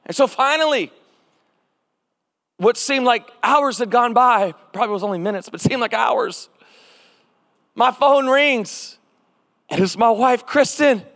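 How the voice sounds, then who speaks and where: A man's voice: very high-pitched, unhurried, long pauses, a bit bright. A man preaching a sermon, telling a personal story and leading call-and-response with his congregation. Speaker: pastor. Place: large church hall. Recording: reverberant church hall.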